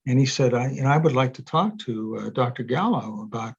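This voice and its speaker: A man's voice: medium pitch, a little fast, breathy edge. An older man, a guest in an interview, telling long anecdotes with lots of fillers and restarts over a video call. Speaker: interview guest, energy psychology author. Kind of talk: casual storytelling in conversation. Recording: dull lo-fi sound.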